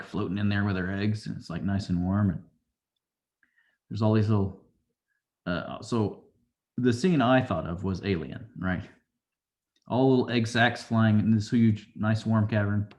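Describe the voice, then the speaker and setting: A show reviewer with a lowish, darkish voice casually recaps an episode. He rambles through a loose retelling, acting out the characters' quotes.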